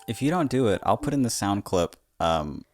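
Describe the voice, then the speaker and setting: A man co-hosting a podcast in casual, rambling banter, playful and quick to laugh. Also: on the low side, animated, darkish tone, soft background music. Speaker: podcast co-host.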